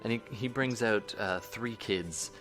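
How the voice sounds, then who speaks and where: A man narrating a tabletop game as game master, in a very deep voice. He talks in a relaxed, halting way and often pauses mid-thought. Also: soft background music.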